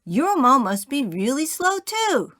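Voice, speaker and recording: A woman voicing a young boy who loudly taunts another. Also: high voice, very animated, a little slow, pitched above the performer's own voice, full character voice. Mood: taunting. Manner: loud, taunting.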